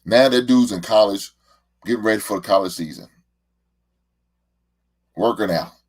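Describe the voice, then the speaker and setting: A man's voice: lowish voice, moderate pace. A middle-aged man, a show host and father, talking in a casual, heartfelt monologue and often repeating words as he rambles.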